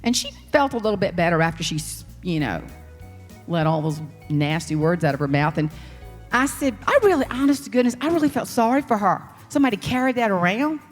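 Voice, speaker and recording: A woman with a Southern US accent, a motivational speaker telling folksy, animated stories in a humorous keynote. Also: medium pitch, brisk, big-room sound, soft background music. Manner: animated, folksy, slips into character voices. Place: large hall on stage.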